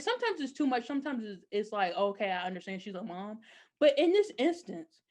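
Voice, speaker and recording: A young woman with a slightly high voice talks in a relaxed podcast chat. She tells stories in an animated, opinionated way, dropping "like" often. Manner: animated, opinionated storytelling with frequent "like". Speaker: podcast co-host. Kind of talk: casual chat recapping a TV episode.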